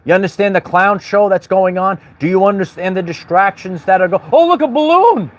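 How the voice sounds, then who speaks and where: A man's voice: high voice, little pitch movement, brisk. A man hosting a spiritual livestream, talking in a preachy, repetitive way and calling out chat viewers by name. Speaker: livestream host.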